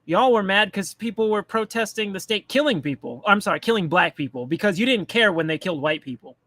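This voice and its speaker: A man's voice: sits high, animated, fairly quick, a bit bright, dry recording. A man ranting bluntly and profanely in casual political commentary, mocking the people he talks about. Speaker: commentary streamer.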